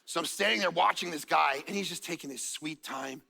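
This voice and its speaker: Man, pastor, animated sermon storytelling, acted-out quotes, bright forceful tone, church hall reverb. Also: a little high, brisk, vocal fry, slight background noise. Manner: animated, acts out quotes, jokes. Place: church auditorium.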